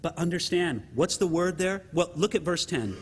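A man preaching a sermon to his congregation in an animated way, often checking in with the listeners by asking "right?". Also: sits high, normal speed, slightly rough, big-room sound. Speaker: pastor.

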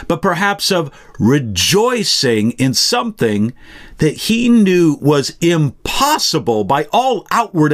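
A man preaching in a slow, deliberate way, his pitch rising and falling a great deal as he stresses his points. His voice sits a little higher than most men's. It is verse-by-verse Bible teaching with emphatic delivery. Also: a bit bright. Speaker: pastor.

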